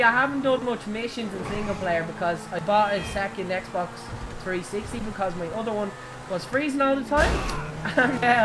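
A young Irish woman giving excitable, giggly live commentary while playing a driving game, shrieking at her crashes. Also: medium pitch, background noise. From Ireland. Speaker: game streamer. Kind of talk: live gaming stream commentary.

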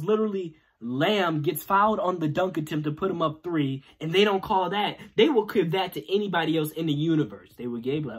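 A man hosting a sports video channel, ranting in a casual, irritated way after a loss, jumping between loud outbursts and low muttering. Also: slightly rough. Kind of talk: casual post-game rant.

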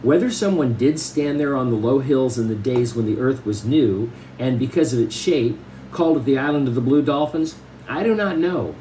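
A man reads a novel aloud chapter by chapter and breaks off to explain it in casual asides. His voice is mellow and relaxed, and a faint hiss sits under the recording. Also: mid-range voice, moderate pace, low-quality recording.

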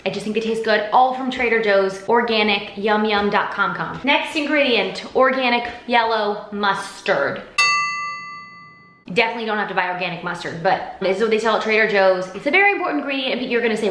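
A woman's voice: mid-range voice, a little fast. A woman vlogger chatting playfully through a cooking demo, bubbly and full of slang, at home in her kitchen. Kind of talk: casual cooking demo chat. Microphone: vlog camera. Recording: roomy kitchen echo, faint music.

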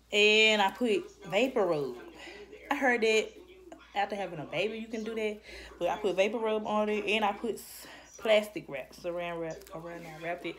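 Young woman rambling to her camera, kinda out of breath, chatty vlog vibe. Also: medium pitch. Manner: chatty, rambling, restarts often. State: slightly out of breath. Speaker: vlogger. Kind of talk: casual chat to camera.

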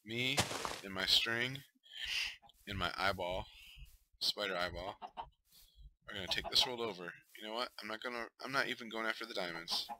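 Streaming a survival game, a man mutters to himself in casual commentary and flares up now and then in frustration. His lowish voice comes out pushed and bright at a moderate pace with long pauses, over poor audio with slight background noise.

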